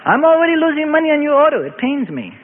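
A man's voice: very high voice, big pitch swings, fast, pitched above the performer's own voice. A man voicing a shrewd old male rabbi shopkeeper who bargains hard and acts pained, on a tinny, echoey recording with faint hiss. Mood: worried. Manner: wheedling, bargaining, theatrically pained.

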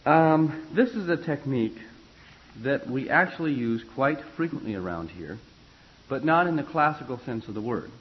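Speaking at a moderate pace in an expressive, medium-pitched voice, a man leads a choir class on vocal expression. His talk is conversational and rambling, with fillers, restarts and spelled-out musical terms, and the audio is dull.

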